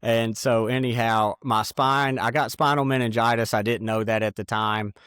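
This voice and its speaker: A man giving an earnest, halting personal testimony in an interview. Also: medium pitch, steady tone, fairly bright tone, clean tone, no echo, studio quality.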